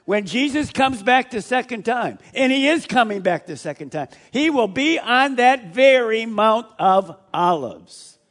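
A middle-aged male pastor preaching a sermon, reading scripture aloud with swings between loud declaration and hushed asides. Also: extremely high pitch, unhurried, few pauses. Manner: animated preaching, voices scripture loudly then drops to hushed asides.

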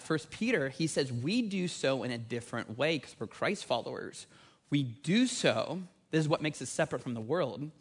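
Guy in his 30s preaching, lively and chatty, punches the big words. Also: medium pitch. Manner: energetic, conversational preaching with rising emphasis. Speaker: pastor. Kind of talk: sermon.

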